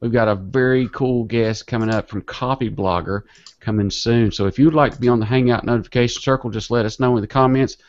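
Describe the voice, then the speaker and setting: Man, host, easygoing, mid pitch, dull call audio. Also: fairly even intonation, brisk. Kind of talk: casual video-call chat. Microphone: video call.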